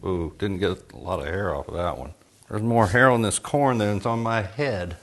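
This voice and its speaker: A man's voice: fairly low pitch, moderate pace, faint music behind, poor audio. A man from Texas cooking in his home kitchen, chatting in a folksy, joking way as he demonstrates a recipe. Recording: bacon sizzling and frying in the kitchen.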